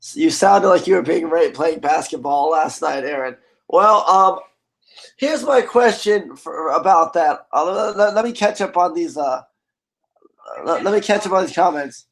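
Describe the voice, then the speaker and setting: Hoarse man reading chat aloud. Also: on the high side, animated, normal speed, low-quality recording. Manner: reads chat comments aloud, joking. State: hoarse, voice partly gone. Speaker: live stream host. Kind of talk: casual live stream chat.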